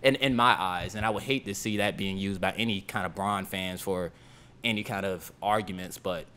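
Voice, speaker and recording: A man's voice: low voice, moderate pace, clean tone. A man co-hosting a basketball podcast, making his case emphatically in a casual debate. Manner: emphatic, argues his point forcefully. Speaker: podcast co-host.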